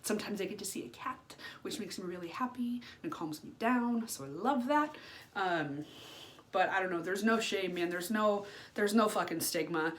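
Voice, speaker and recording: A woman's voice: medium pitch, moderate pace, a little hiss or hum. A woman in her thirties speaking frankly in a personal vlog, swearing freely, with lots of ums and asides. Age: 30s. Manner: frank and unfiltered, swears freely, many fillers. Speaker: vlogger. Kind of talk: candid personal vlog monologue.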